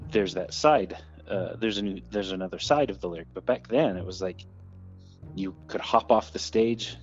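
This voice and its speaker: Deep-voiced man telling a ghost story. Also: darkish tone, dull audio. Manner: rambling, with many fillers and restarts. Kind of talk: casual recounted ghost story.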